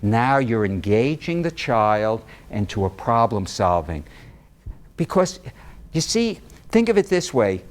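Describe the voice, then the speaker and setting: A man of middle pitch lectures a live audience in a room, animated and storytelling. He acts out the quoted dialogue and keeps dropping joking asides as he speaks. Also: measured pace. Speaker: psychologist giving a public talk.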